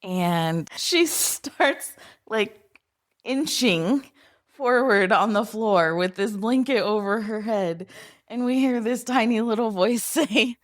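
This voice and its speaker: A woman guest on a podcast, telling family stories in an unhurried, gentle way with soft laughter between thoughts. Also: fairly high pitch, expressive. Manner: unhurried, often laughing softly while remembering. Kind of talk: casual interview storytelling.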